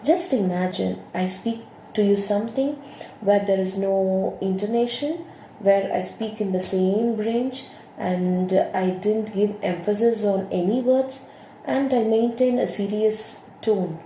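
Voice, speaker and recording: Slow, mellow woman teaching a lecture. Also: mid-range voice. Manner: slow, explanatory, repeats key terms. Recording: echoey room with faint hiss.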